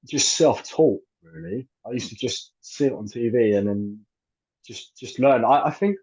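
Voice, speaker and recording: A man's voice: medium pitch, a little slow, a little mellow, slightly rough. A man in his thirties, a guest in a casual interview, talking hesitantly with many fillers and restarts. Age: 30s. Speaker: actor and filmmaker guest. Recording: dull lo-fi audio.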